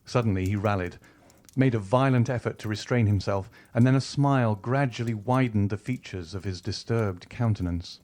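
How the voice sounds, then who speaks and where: A man narrating a classic novel as an audiobook, in a measured, expressive reading. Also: fairly low pitch.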